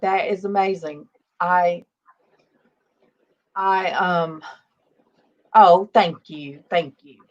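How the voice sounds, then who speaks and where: A woman's voice: lowish voice, fairly even intonation, very slow, long pauses. A woman in her fifties hosting a casual faith livestream, chatty and greeting viewers by name. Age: 50s. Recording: dull lo-fi stream audio.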